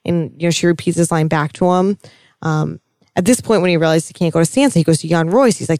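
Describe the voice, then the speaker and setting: A woman co-hosting a casual TV recap chat, talking in an animated, gushing way with some swearing. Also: fairly low pitch, quick pace, no room sound, studio quality. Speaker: podcast co-host.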